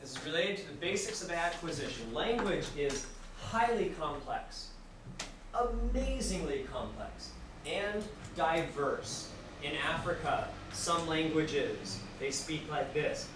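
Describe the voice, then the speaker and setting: A man lecturing a class. He is animated, asks the students questions, acts out examples, and repeats simple phrases for language learners. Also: fairly high pitch, takes it slowly. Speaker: university lecturer. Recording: distant, very echoey classroom with noise.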